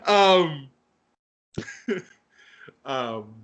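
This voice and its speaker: A middle-aged man co-hosting a podcast, telling a story in an excitable, emotional way. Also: fairly high pitch, drawn-out words. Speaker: podcast co-host. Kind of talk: casual chat.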